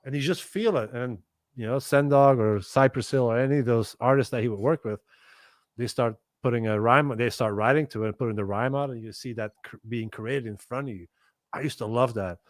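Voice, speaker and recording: A middle-aged man spins casual stories as a guest, with loose swearing and quick impressions of the people in them. His voice sits at an average pitch and sounds close and dry. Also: no echo. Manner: animated, swears casually, acts out other people's lines. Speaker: guest musician. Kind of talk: casual storytelling chat.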